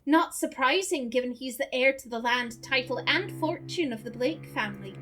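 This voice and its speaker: A woman voicing a cheeky gentleman with a put-on Scottish accent, teasing and familiar. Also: high voice, normal speed, lightly acted. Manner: teasing, familiar, calls others darling.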